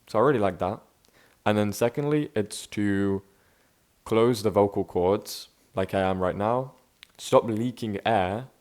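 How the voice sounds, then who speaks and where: Laid-back young man, slightly low voice. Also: darkish tone. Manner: laid-back, self-reflective, says bro and man a lot, frequent restarts. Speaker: vlogger. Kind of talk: unscripted casual monologue.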